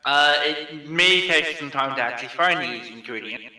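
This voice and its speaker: A man's voice: on the high side, normal speed, sharp tone. A man playing a tabletop game, asking hesitant questions with fillers. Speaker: player. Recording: roomy sound, distant mic, faint music.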